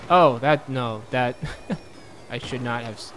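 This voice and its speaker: A man's voice: medium pitch, a little slow, fairly bright tone, slight background noise. A young man giving goofy, joking commentary over a video game, talking back to the characters and laughing often. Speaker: gaming let's-player. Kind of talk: comedic gameplay commentary.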